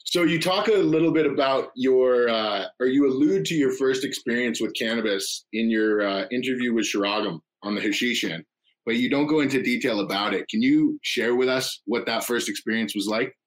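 A man's voice: medium pitch, normal speed, poor audio. Podcast host guy, easygoing, asks questions with a couple of uhs. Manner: conversational, asks questions with a few fillers. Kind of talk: interview questions.

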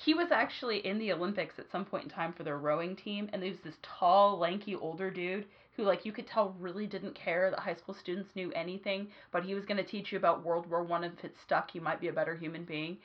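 A woman co-hosting a podcast in casual chat, telling animated stories and acting out quotes. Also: fairly low pitch, quick pace, few pauses, lo-fi sound. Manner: animated storyteller, acts out quotes. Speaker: podcast co-host.

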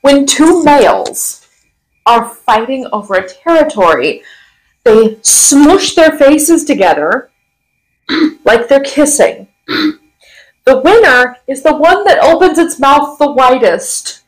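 Giggly high-voiced woman podcast host. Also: very animated, slow pace, poor audio. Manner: playful, giggly, sarcastic. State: has the hiccups. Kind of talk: casual comedic chat.

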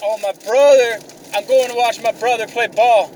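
A man's voice: extremely high pitch, fairly even intonation, moderate pace, a little mellow, far from the mic, slight background noise, pitched above the performer's own voice, poor audio. A man acting out a touchy, easily offended adult man in a retold story. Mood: indignant.

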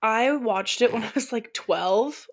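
A woman's voice: on the high side, takes it slowly. A young adult woman co-hosting a podcast in casual chat, talkative and emotional, laughing easily. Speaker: podcast co-host.

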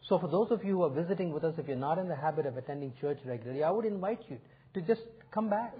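A man's voice: fairly high pitch, animated, very fast, slightly rough. A male pastor preaching a sermon in an earnest, inviting way, swelling and dropping his emphasis. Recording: phone-like narrow sound.

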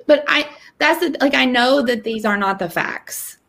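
Woman, thirties, podcast guest, candid storytelling, slightly high pitch, animated. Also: normal speed, vocal fry. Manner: animated, acts out quoted dialogue with rising pitch.

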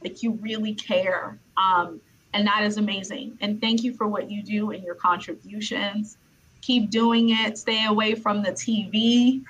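A woman from Brooklyn interviews a guest in a loose, conversational way. She leans on "you know" and repeats her words as she goes. Her voice sits at a middle pitch over faint background ambience. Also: fairly even intonation, a little slow, fairly bright tone, slight background noise, rough recording. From Brooklyn, New York.

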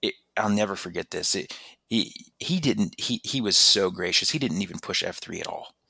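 A man in casual conversation telling a personal story, lively and animated, jumping into higher voices when he quotes people, with lots of false starts. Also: normal speed, creaky, husky, dry recording. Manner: animated, acts out quotes in raised voice, many restarts. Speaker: podcast guest telling his story.

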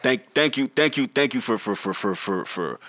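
A man's voice: mid-range voice, expressive, moderate pace, fairly bright tone, no room sound. A young man co-hosting a podcast in casual banter, joking, laughing and restarting his sentences. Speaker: podcast co-host.

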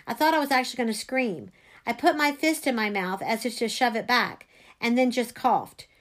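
A woman reading a first-person story aloud, expressive. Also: on the high side, moderate pace. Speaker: reader.

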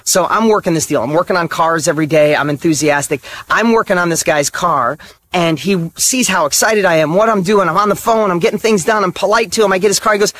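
A man's voice: sits high, quick pace, fairly bright tone. A middle-aged man, a motivational speaker and author, delivering an emphatic monologue in short repeated statements, candid and blunt with the odd mild swear word.

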